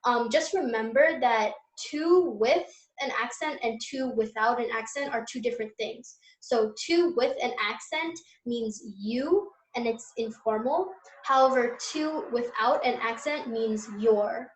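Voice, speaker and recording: A woman's voice: on the high side, a little slow, hardly any pauses, roomy sound, rough recording. A young woman tutoring an online Spanish class, explaining step by step with patient fillers.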